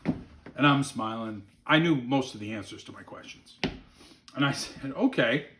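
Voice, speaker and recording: A man telling a funny story on stage about guiding a moose tour, playful and lively, acting out the dialogue. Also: mid-range voice, a little slow, echoey room, noisy background. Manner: animated, playful, acts out dialogue.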